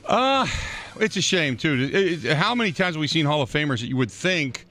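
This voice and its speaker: A man's voice: on the high side, expressive, brisk, sharp tone. A man hosting a sports radio show, bantering and laughing easily with his guest. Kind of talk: casual sports radio chat.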